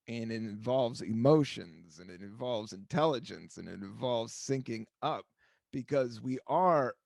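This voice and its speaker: This podcast host, a man in his forties from the United States, has a medium-pitched, gravelly voice heard in a dry, studio-quality recording. He chats casually, telling rambling stories, cursing freely and acting out other people's lines.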